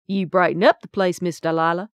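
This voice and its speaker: A woman voicing a proud, outspoken male diner chef who speaks loudly and pointedly. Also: fairly low pitch, steady tone, fairly quick, no room sound, natural voice.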